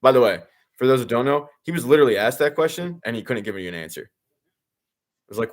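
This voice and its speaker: A man's voice: mid-range voice, animated, a little fast. A man hosting a watch-along, reacting to the game live with sarcastic, exasperated and profane commentary that rambles with fillers and restarts.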